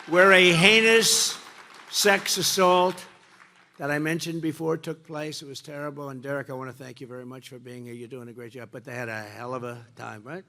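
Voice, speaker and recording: A man giving a rally speech, emphatic and repetitive, jumping from loud bursts to low asides, speaking into a podium microphone. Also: fairly even intonation, moderate pace. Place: campaign rally before a crowd.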